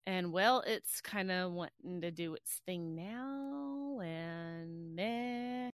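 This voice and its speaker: A woman's voice: lowish voice, expressive, extremely slow, clear, resonant tone, no room sound, clean studio sound. A woman co-hosting a gaming talk show, chatting bluntly while losing her voice. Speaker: podcast co-host. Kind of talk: casual chat on a gaming radio show.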